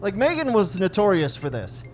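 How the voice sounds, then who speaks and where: A man's voice: sits high, wildly swooping pitch, normal speed, soft background music. A man in his forties doing stand-up, telling self-deprecating stories about his daughters and acting out their dialogue. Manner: storytelling with self-deprecating jokes, acts out family dialogue. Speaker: stand-up comedian. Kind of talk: stand-up comedy.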